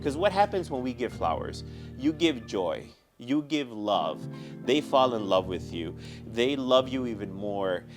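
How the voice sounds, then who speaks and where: A man's voice: medium pitch, big pitch swings, measured pace, over music. A man who owns a flower shop, chatting in an interview in a heartfelt, effusive way, full of "you know" and "like". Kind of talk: casual interview chat.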